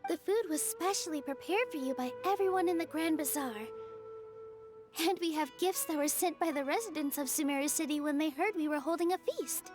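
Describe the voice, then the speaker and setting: Brief: woman playing a bubbly little fairy companion, very high and chirpy, game music faint behind. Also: fairly quick, natural voice. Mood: cheerful. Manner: bubbly and eager. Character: tiny floating female fairy guide, cheerful, excitable. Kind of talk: video game dialogue.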